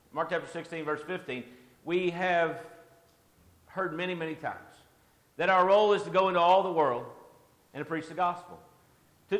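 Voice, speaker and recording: A man with a light, high voice gives an informal devotional talk in a church. He talks conversationally and pokes fun at himself. His voice rings through a roomy hall with a long reverb tail. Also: fairly bright tone. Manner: conversational, joking, self-deprecating. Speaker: lay speaker giving a church devotional.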